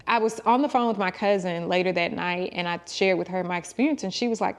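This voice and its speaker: A woman's voice: medium pitch, brisk. Earnest woman vlogger in her forties. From United States. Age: 40s. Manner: heartfelt, addresses viewers as y'all; talks to God and quotes others in lively asides. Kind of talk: casual personal vlog talk.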